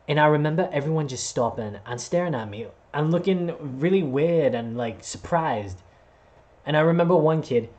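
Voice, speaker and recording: A man's voice: on the high side, highs cut off. A man and voice actor telling a personal story to camera in a casual vlog, acting out voices as he goes. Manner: animated, acts out voices while telling a story. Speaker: vlogger and voice actor.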